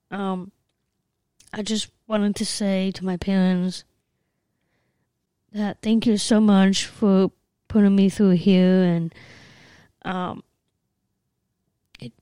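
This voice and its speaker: Woman co-host talking slow and unsure, lots of ums, smooth clear voice, dry sound. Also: mid-range voice, warm tone, dry recording. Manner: hesitant, many ums, short answers. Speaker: podcast co-host. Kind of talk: casual chat. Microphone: studio mic.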